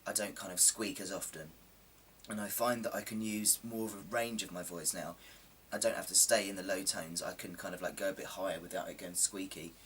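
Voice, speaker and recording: A man's voice: deep voice, fairly even intonation, brisk, a bit bright, distant mic, slight background noise. A man in casual chat to camera, rambling and self-deprecating with plenty of ums, his voice a little coarse from a sore throat. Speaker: vlogger.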